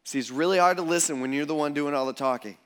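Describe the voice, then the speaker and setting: A man's voice: on the high side, fast talker, clean tone. A man preaching a sermon in a casual, conversational, jokey way. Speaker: pastor.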